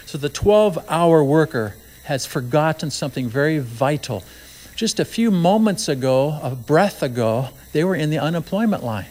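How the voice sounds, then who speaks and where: A man preaching a sermon in a conversational way, with asides and slow, emphatic phrases. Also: a little high, expressive, a little mellow. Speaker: pastor.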